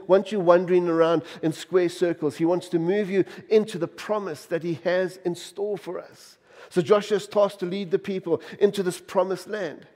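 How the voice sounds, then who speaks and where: A middle-aged man preaching a sermon to his church, emphatic, firing off repeated rhetorical questions and swinging between loud and soft. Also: high voice. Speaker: pastor. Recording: long reverb of a church hall.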